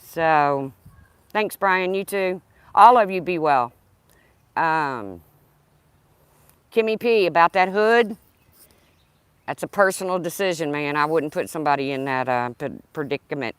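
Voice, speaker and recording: Woman, low voice, slow unhurried talk, dry close sound, casual livestream chat. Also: clean tone, no room sound. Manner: rambling, talks to her dog. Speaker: livestream host.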